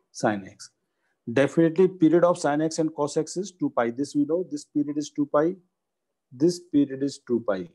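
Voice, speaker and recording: A man, teaching a maths lesson and dictating each step slowly. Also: medium pitch, warm tone, poor audio.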